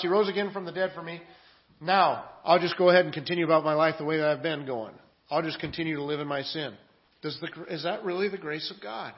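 A man's voice: fairly high pitch, moderate pace. Earnest preacher man, lo-fi audio. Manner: earnest preaching, swings from quiet asides to loud emphatic scripture reading. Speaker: pastor. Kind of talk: sermon.

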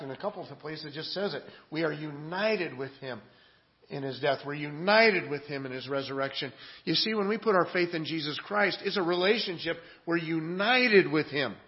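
Male pastor for a sermon recording: earnest, emphatic, slightly higher voice, dull lo-fi sound. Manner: earnest preaching, swings from quiet asides to loud emphatic scripture reading.

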